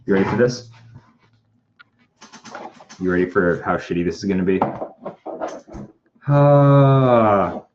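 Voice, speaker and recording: A young man with a deep, expressive voice takes his time, pausing often, as he livestreams from an indoor workshop while making a prop. He's casual and self-deprecating, given to muttering and whispering to himself, and the audio is muffled with some faint noise.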